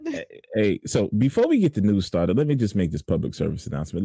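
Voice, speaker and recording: A man's voice: fairly low pitch, fast, gravelly, faint music behind. A man co-hosting a comedy podcast, joking and playing weatherman and news anchor. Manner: animated, playful, joking news-anchor bits. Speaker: podcast co-host.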